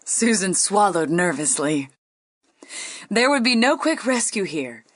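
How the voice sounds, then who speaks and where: A woman's voice: mid-range voice, very animated, a little slow, no echo. Woman telling a ghost story, dry and close. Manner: playful, dips into hushed whispers. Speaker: guest storyteller. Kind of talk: reading a ghost story aloud.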